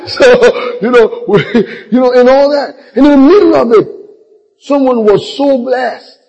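A man's voice: very high-pitched, measured pace, darkish tone, husky, lo-fi sound. A middle-aged man, preaching a sermon through humorous personal stories, laughing often and acting out the voices of people in them. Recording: long echo of a large hall.

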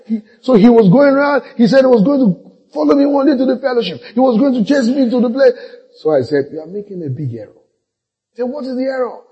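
Brisk and animated, this very high, warm, slightly rough male voice belongs to a middle-aged preacher. He delivers a sermon through funny personal stories, laughing often and voicing the characters himself. The lo-fi recording carries the long echo of a large hall.

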